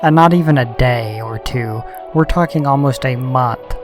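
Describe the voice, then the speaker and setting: A man's voice: medium pitch, moderate pace, over music. Ranting, cursing gamer man. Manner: heated, ranting, heavy swearing. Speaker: strategy game commentator. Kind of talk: gaming commentary with a profane rant.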